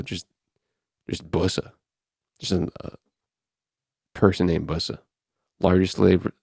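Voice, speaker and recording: Low gravelly man chatting on a podcast. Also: dark tone, dry recording, studio quality. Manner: offhand, wry, reads out and riffs on headlines. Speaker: podcast host. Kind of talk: casual podcast chat, reading news aloud.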